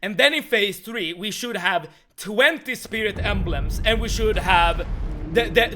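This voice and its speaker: A man giving casual commentary while livestreaming a game, excitable and stammering, often restarting his words and swearing now and then. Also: sits high, very noisy. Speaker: gaming livestreamer.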